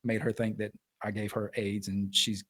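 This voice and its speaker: A man's voice: lowish voice, moderate pace, husky. A man, telling stories in casual podcast chat and acting out the voices of the people he quotes. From Alabama. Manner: animated storyteller, acts out quoted voices. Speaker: podcast co-host.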